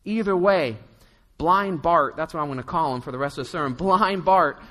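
A man with a high, bright voice preaches a sermon, telling the story in a loose, chatty way and slipping into the voices of its people. His words ring out through a hall with a long reverb. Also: normal speed. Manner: storytelling, conversational, acts out quotes. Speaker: pastor.

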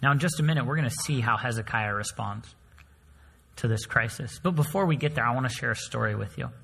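A male pastor preaching a sermon, telling stories with swings between loud emphasis and soft, hushed lines. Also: medium pitch, quick pace, creaky, slightly rough. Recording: long hall reverb.

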